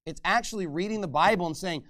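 With a high voice and brisk delivery, a middle-aged man preaches his sermon as pastor. He stays animated and casual, playing out the voices he quotes and letting out a laugh here and there.

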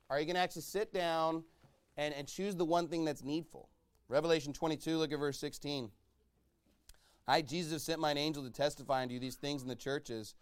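High-voiced preaching man with sudden shouts. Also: clean tone. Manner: swings between loud shouted exhortation and low quiet asides; reads scripture in slow, drawn-out cadence. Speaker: pastor. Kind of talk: sermon.

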